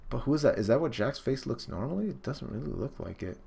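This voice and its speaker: A man reading a comic live for viewers, excited, exclaiming, loose and profane. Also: mid-range voice, quick pace, gravelly, husky. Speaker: live reaction streamer.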